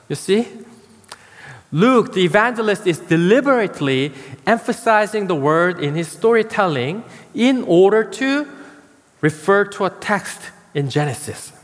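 A man preaching a sermon as pastor, slow and emphatic, pausing to stress key words. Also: high voice, animated, big-room sound.

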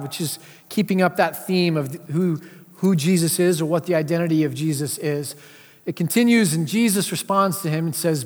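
A man's voice: fairly high pitch, normal speed. Male pastor preaching in a reverberant hall. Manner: conversational, with frequent filler sounds. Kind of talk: sermon. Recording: long reverb of a large hall.

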